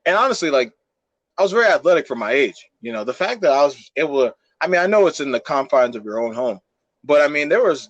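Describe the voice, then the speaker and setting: A young man co-hosts a podcast in a fairly high voice, spinning a story in an animated, profane way with plenty of fillers. The sound is dry and close to the mic. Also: dry recording, dull audio. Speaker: podcast co-host. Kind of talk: casual storytelling.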